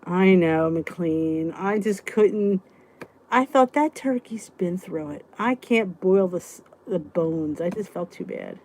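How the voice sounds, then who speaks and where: A woman's voice: on the low side, lively intonation, takes it slowly, a little mellow, a little hiss or hum. A middle-aged woman hosting a casual weight-loss live stream, chatting and answering viewers' comments as she goes. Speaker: weight-loss vlog host reading live chat.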